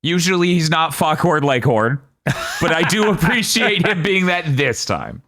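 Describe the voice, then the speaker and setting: A man's voice: a little high, very animated, unhurried, a bit bright. A man co-hosting a casual movie podcast, wry and amused, laughing often as he talks. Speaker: podcast co-host.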